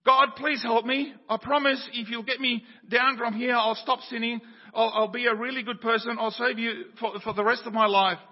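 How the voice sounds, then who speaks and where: A preacher voicing a desperate man clinging to a cliff, yelling and pleading in a raised voice. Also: little pitch movement, moderate pace, few pauses. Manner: panicked yelling and pleading, voice pitched up. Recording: dull sound with long church reverb.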